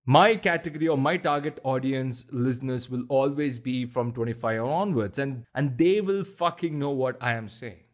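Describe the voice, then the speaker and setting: A man with a deep voice hosting a solo podcast, ranting bluntly and swearing heavily for emphasis. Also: moderate pace, hardly any pauses. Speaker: podcast host. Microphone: podcast mic.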